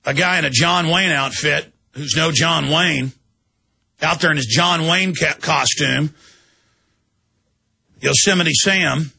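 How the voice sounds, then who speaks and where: Radio host, male, gravelly and husky, bright edge, indignant rant. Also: a little high, slow, long pauses. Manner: indignant, acts out quotes in shifting voices. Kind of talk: ranting radio monologue.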